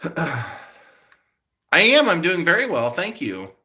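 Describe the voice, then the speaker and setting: A man's voice: a little high, huge pitch swings, slow, pushed and bright. A man hosting a casual live stream, rambling along with lots of fillers as he answers viewers' comments.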